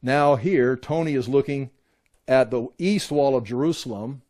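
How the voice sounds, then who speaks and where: A man's voice: medium pitch, moderate pace, a little mellow. A middle-aged man teaching a Bible class, pointing out places on photos and restarting his sentences often. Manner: rambling, with many restarts. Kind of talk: classroom lecture with slides.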